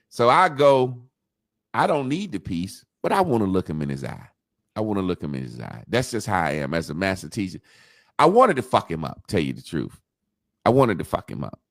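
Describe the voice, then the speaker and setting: Recorded with studio quality and no room sound, a podcast co-host with a fairly low-pitched voice relates a lengthy story in casual talk, cursing liberally and animatedly acting out other people's lines.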